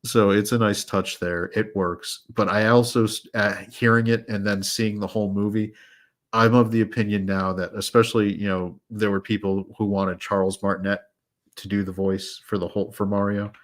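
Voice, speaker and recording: Man, very deep voice, flat and even delivery, rambling casual chat, lots of fillers and restarts. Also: moderate pace. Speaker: podcast host. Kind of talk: casual chat reviewing films.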